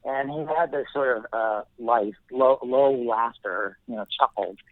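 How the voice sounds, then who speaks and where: A middle-aged man of mid pitch tells his story slowly and thoughtfully, with frequent pauses and restarted phrases. His voice comes over a narrow, tinny phone line, and the sound is dry and close with no room around it. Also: no room sound. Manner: thoughtful, halting, many fillers and restarts. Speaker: guest. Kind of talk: reflective personal storytelling.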